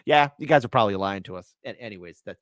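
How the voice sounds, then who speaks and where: A man co-hosting a casual political podcast, telling things in an animated way, acting out quoted voices and restarting often. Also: on the low side, quick pace, dry recording, clean studio sound. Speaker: guest co-host.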